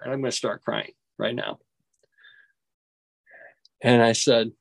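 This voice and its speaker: A man telling a personal story as an interview guest, acting out quoted dialogue with big jumps in pitch and often restarting his sentences. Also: fairly even intonation, gravelly, no room sound. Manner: halting, with frequent restarts.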